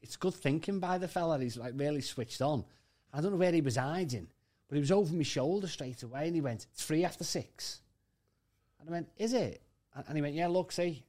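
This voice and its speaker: A man's voice: fairly high pitch, fast talker, dark tone. A man, a guest asking rambling questions and telling his own story in casual chat.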